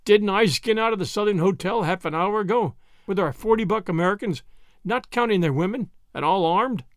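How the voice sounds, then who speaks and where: A man's voice: sits high, a little fast, dry recording, studio quality, lightly acted. A man doing a blustering gray-haired American. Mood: indignant. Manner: blustering, defiant, explosive. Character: gruff angry older American man.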